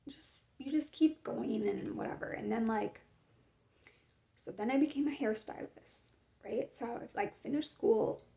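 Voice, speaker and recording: A young woman talks through her own story in a loose, meandering testimony, leaning on "like" and "you know" at every turn. Her voice sits a bit high but sounds dark and mellow, with a gravelly fry running through it. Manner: rambling, filler-heavy, lots of "like". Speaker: hairstylist sharing her faith story. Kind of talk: casual personal testimony.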